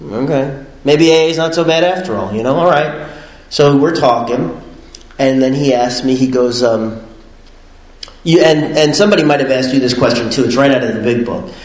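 A man's voice: medium pitch, normal speed, reverberant, rough recording. Rambling man telling a recovery story. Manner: rambling, animated, many fillers, frequent laughs. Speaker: speaker sharing his recovery story. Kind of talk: casual personal storytelling.

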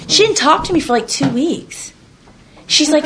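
A woman's voice: high voice, expressive, normal speed, fairly bright tone, slight background noise. A woman sharing a candid personal testimony in a blunt, rambling way, casually swearing and telling her story with animation.

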